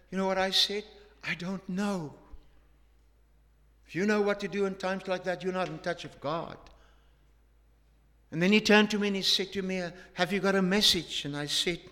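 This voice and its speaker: A man delivering a sermon as a story, earnest and emphatic, swinging between hushed passages and forceful rises. His voice is fairly high and bright, with an edge to it. A long reverb trails each phrase, as in a big church. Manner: earnest, emphatic, with frequent restarts and hushed drops. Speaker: preacher.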